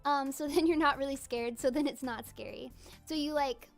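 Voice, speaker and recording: A woman's voice: sits high, steady tone, moderate pace, creaky, faint music behind. A young woman streamer chatting casually while drawing, giggly and full of fillers. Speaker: streamer and virtual idol voice actor.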